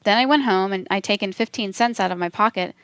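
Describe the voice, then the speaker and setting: A woman reading a transcript aloud for a documentary in a measured, steady delivery. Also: medium pitch, clean tone, dry recording. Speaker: documentary reader.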